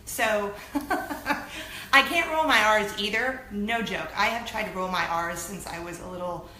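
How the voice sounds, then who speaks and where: A woman in her thirties hosting a weekly web show, chatting casually to camera in an animated, self-deprecating way. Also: medium pitch, a little slow. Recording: echoey room with faint noise.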